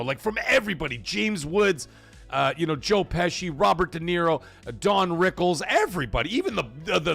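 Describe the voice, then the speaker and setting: A man's voice: a little high, vocal fry, fairly bright tone. A man hosting a livestream in casual chat, swearing freely and laughing as he reads chat messages aloud. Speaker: livestream host.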